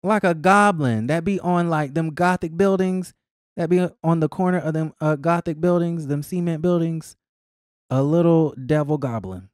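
A man hosting a casual commentary vlog, animated and outspoken, swearing freely, with speech. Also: fairly high pitch, normal speed, no echo, clean studio sound. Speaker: host.

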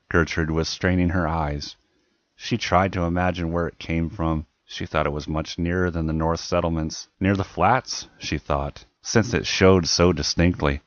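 A man reading a children's novel aloud as an audiobook narrator, with steady, measured storytelling. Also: sits low, dry recording, muffled recording. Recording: music playing behind the reading.

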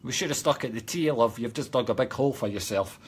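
A man's voice: medium pitch, fast, a little hiss or hum. A Scottish man hosting a casual live stream as a psychic medium, bantering playfully with his viewers and reading out their comments. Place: home room by a Christmas tree. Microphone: webcam close-up.

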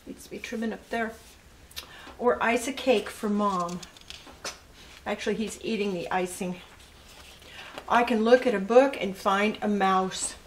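Reading picture books to her grandchildren, an older woman tells the stories animatedly and adds asides to them. Her mid-range voice keeps a measured pace with frequent pauses, against slight background noise.

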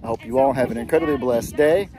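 A man's voice: medium pitch, fast, a crowd in the background. Easygoing man vlogging on a farm. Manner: easygoing, rambling, Southern-style "y'all". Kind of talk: casual vlog chat. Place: outdoors on a farm among animals.

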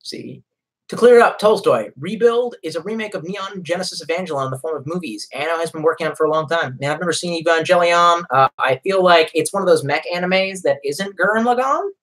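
A man's voice: fairly high pitch, lively intonation, fairly quick, fairly bright tone. A man chatting casually on a live stream, reading viewer comments aloud and rambling with lots of profanity and self-deprecating jokes.

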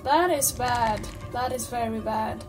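Jumpy high-voiced woman playing a horror game. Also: unhurried, recorded from a distance, noisy background. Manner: jumpy, frightened exclamations and swearing. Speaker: gameplay streamer. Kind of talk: horror game let's play commentary.

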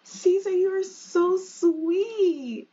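A woman's voice: very high-pitched, extremely slow, dark tone, muffled recording, pitched above the performer's own voice, full character voice. A woman voicing a gushing pregnant young wife. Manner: gushing, affectionate.

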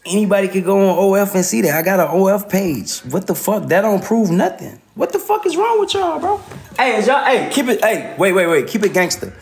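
Guy ranting on his livestream, high voice, pitch jumping all over, cussing and laughing a lot. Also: fairly quick, creaky, hardly any pauses. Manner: profane, animated, laughing often. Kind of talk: casual livestream rant.

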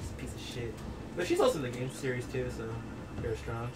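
A young man hosting a gaming video, chatting casually in an excitable, rambling way with plenty of swearing. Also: mid-range voice, fast talker. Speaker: gaming channel host. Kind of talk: casual chat over gameplay. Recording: distant mic with clear background noise.

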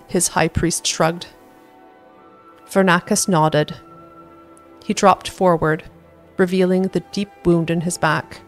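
A woman with a lower-than-usual voice reads a fantasy story aloud in an even, storytelling way. Faint music sits quietly behind her narration. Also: slow, pauses often. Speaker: audiobook reader. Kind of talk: scripted narration of a fantasy book.

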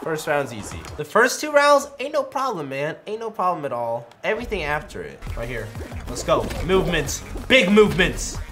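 A young man giving excitable live gameplay commentary, trash-talking and yelling in bursts. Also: on the high side, moderate pace. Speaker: gaming YouTuber. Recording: music playing behind.

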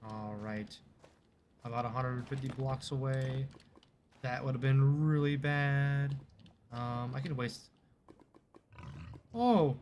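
Man, gameplay commentary, chatty and self-mocking, mid-pitched voice, faint keyboard clicks behind. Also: flat delivery, takes it slowly, a little mellow, slight background noise. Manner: chatty and self-mocking, talks to the game's creatures. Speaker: streamer and gaming video creator. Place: seated at a computer desk.

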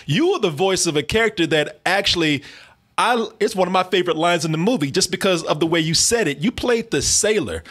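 A man's voice: high-pitched, expressive, a little fast, a bit bright. A man hosting an interview, chatting eagerly like a fan. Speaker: interview host. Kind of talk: casual interview chat.

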